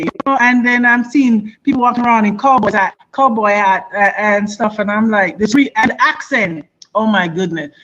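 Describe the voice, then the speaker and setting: A woman's voice: fairly high pitch, a bit bright, lo-fi sound. A woman with a Jamaican accent, a guest on a radio interview, who tells stories with energy and acts out other people's voices. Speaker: guest, former basketball player.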